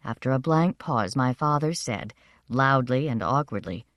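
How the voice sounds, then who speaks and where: A woman narrating a first-person story in a measured, expressive reading. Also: rumbling low, no room sound, studio quality. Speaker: audiobook narrator.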